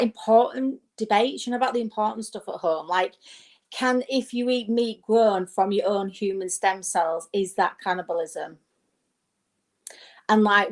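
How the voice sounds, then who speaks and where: Woman, middle-aged, doing stand-up from home on a laptop mic, rambly and chatty with lots of asides. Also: mid-range voice. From United Kingdom. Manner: chatty, rambling, self-mocking with frequent asides. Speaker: stand-up comedian. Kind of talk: stand-up comedy set. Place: home during lockdown. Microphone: webcam or laptop mic.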